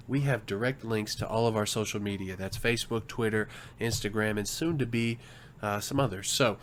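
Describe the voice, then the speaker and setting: A man's voice: on the low side, slight background noise. A man co-hosting a podcast, explaining things in a casual, hesitant way with many fillers. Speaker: podcast co-host. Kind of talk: casual chat.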